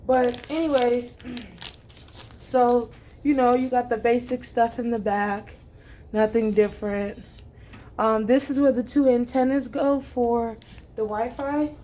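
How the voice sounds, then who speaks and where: A woman's voice: a little high, fairly even intonation, slow, pauses often, mellow, a little hiss or hum. A woman talking casually to viewers while unboxing, chatty and informal, calling them guys and y'all. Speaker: vlogger.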